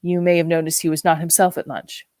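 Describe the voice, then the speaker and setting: A woman's voice: low-pitched, flat delivery, quick pace, a little mellow, no room sound, studio quality, natural voice. A woman reading the part of a stiff, solemn male butler who speaks in a formal, deferential way.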